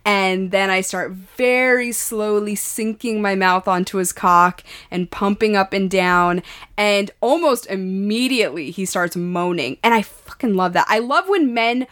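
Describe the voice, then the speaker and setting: A woman's voice: mid-range voice, a little slow, a bit bright. A woman co-hosting a podcast, telling a personal story in a frank, chatty way with crude language. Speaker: podcast co-host. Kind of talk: candid casual chat.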